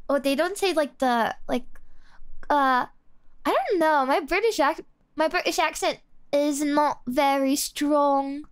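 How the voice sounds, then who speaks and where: A young woman streamer reacting to music on a live stream, with a high voice and an excitable, casual way of talking. She speaks slowly and exclaims often. The sound is dry, with no room echo.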